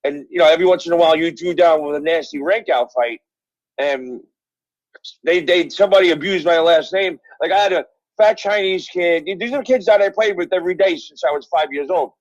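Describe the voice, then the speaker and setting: A man's voice: a little high, fairly quick, dry recording. Rambling New man on a dull phone line. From Brooklyn, New York. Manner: rambling, profane storytelling with many fillers. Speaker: guest, author. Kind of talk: casual interview chat. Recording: dull phone-call audio.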